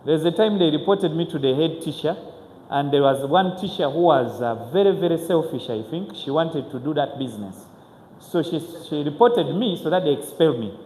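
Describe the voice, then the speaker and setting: A man, telling his own story to an audience as a motivational speaker, earnest and halting, with frequent restarts. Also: a little high, lively intonation, darkish tone, a little hiss or hum. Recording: echoey hall with faint ambience.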